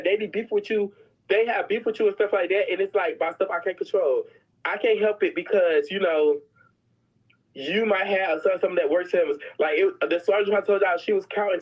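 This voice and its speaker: A woman telling prison stories in a casual, sassy, dramatic way, slipping into other people's voices. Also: lowish voice. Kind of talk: casual storytelling. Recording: dull lo-fi sound.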